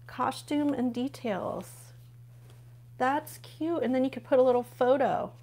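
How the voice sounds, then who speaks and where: A woman's voice: high-pitched, fairly even intonation, measured pace, warm tone. A woman hosting a casual live unboxing stream from home, gushing over what she unpacks and chatting with her viewers. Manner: gushing, chatty, talks to viewers while flipping pages.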